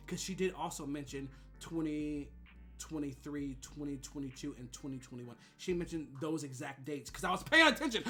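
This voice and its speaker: Animated man telling a gossipy story. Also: fairly high pitch, normal speed, soft background music. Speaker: streamer. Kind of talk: casual storytelling stream.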